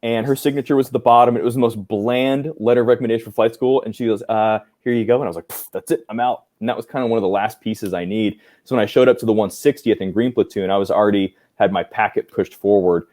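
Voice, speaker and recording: A man in his forties, a guest on a podcast, telling lively stories about his army career and acting out the people he quotes, with many fillers. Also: fairly low pitch, fast, hardly any pauses. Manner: animated, acts out quoted dialogue, many fillers. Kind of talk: casual storytelling interview.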